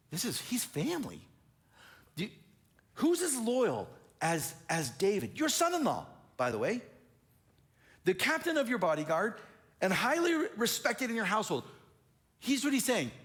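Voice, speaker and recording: A pastor preaching a sermon, who acts out the characters' lines and swings between loud questions and low asides. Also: male voice. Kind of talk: animated sermon retelling a Bible story.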